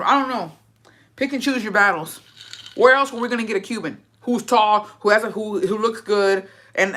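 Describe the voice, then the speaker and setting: A woman's voice: mid-range voice, bright, forceful tone. A young woman hosting a casual gossip chat, ranting with plenty of swearing and rhetorical questions. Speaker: host.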